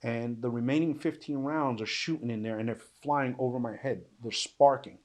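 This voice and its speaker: A middle-aged retired police officer recounts an ordeal in an interview, his mid-range voice steady and a bit dark at normal speed. The emotional first-person story is vivid and emphatic, and he acts out quoted speech. He's plain-spoken and blunt, and he swears.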